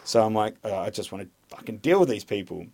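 A man's voice: fairly low pitch, expressive, fast talker, gravelly, darkish tone, slightly rough. An Australian man, an army veteran, talking candidly in an interview in a rambling way, with lots of hesitation and frequent swearing.

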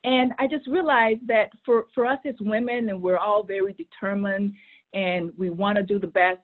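A middle-aged woman, a guest on a show, telling a personal story in an animated way, often repeating words as she starts a sentence. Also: mid-range voice, normal speed. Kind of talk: conversational storytelling. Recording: tinny phone-like line.

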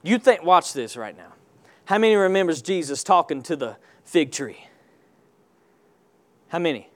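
A man preaching a sermon, calling on the congregation to answer back and stressing points with slow, emphatic delivery. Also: on the high side, big pitch swings. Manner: call-and-response preaching, rising to emphatic shouts.

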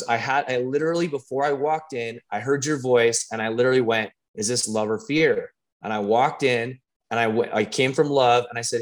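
A man working as a coach, talking casually and telling animated stories with lots of fillers and restarts. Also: medium pitch. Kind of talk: casual conversation.

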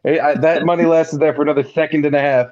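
Brief: high-pitched man, animated storyteller, cussing, slightly dull lo-fi sound. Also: fast, crowd noise. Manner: animated, swears freely, mimics others' voices. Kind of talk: casual storytelling.

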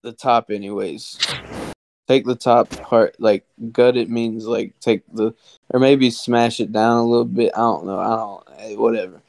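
A man co-hosting a podcast in casual chat, talking in a drawn-out, meandering way and swearing. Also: medium pitch, fairly even intonation, gravelly, darkish tone. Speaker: podcast co-host. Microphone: studio mic, no camera.

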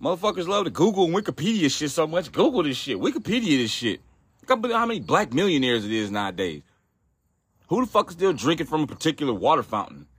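A man's voice: on the high side, big pitch swings, fast talker, fairly bright tone, breathy edge, no echo. A man hosting a solo podcast, ranting in a profane, exasperated way with frequent restarts. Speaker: podcast host.

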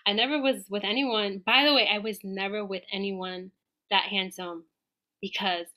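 A woman appears as a podcast guest, recounting a personal story in a casual, animated style and performing her own quoted lines. Her pitch is medium and she talks at a normal speed.

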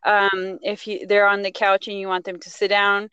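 A woman's voice: mid-range voice, monotone, normal speed, a bit bright, clean tone, lo-fi sound. A woman on a casual panel chat giving parenting advice, explaining with everyday examples and slipping into Spanish phrases. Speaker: guest parenting expert.

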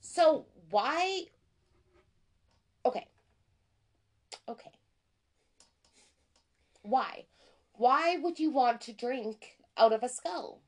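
A woman co-hosting a podcast in casual chat, excitable and self-deprecating, stumbling over words when she gets worked up. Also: high-pitched, drawn-out words, pauses often. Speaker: podcast co-host.

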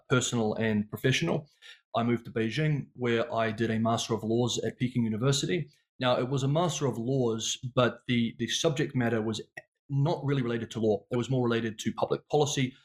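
A man in his thirties with a New Zealand accent, a guest explaining his background in a polite, measured way. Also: medium pitch. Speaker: guest, China consultant. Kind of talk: casual interview.

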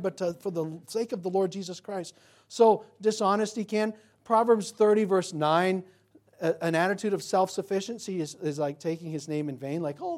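A man preaching to his congregation in a chatty, rambling way, full of asides and restarts. When he quotes scripture, his voice swells into loud, emphatic declarations. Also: high-pitched. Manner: conversational, anecdotal preaching with frequent restarts and asides. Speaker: pastor. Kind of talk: sermon.

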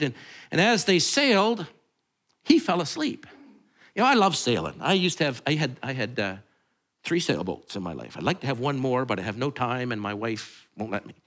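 A man's voice: medium pitch, sing-song, normal speed, a bit bright. A male pastor, preaching in a conversational, rambling way full of asides and restarts. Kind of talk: sermon.

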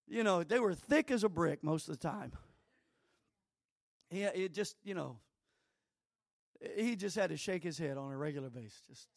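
Male pastor, high voice, animated sermon storytelling, emphatic repeats, dry close sound. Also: normal speed, creaky, dry recording. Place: church.

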